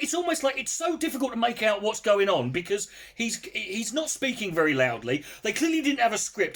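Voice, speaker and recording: A man with a very high voice, ranting to camera about a film he disliked. His pitch jumps all over the place as he mocks and swears, and he keeps stumbling and restarting mid-sentence in his exasperation. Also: a bit bright. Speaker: film reviewer. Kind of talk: casual rant to camera.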